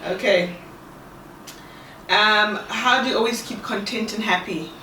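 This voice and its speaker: A woman asking questions from off screen in a dry, brisk, teasing way. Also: mid-range voice, pushed and bright, slight background noise. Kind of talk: casual interview. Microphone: off screen, away from the camera mic. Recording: echoey room, distant from mic.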